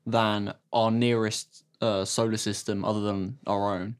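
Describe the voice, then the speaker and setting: A man's voice: lowish voice, little pitch movement, measured pace. Thoughtful male co-host explaining. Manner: thoughtful, explaining with many fillers. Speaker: podcast co-host. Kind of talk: casual chat.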